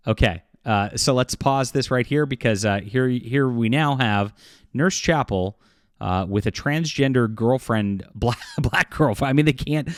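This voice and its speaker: A man giving casual opinion commentary, halting and full of fillers and restarts, with derisive chuckles. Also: medium pitch, no room sound, clean studio sound.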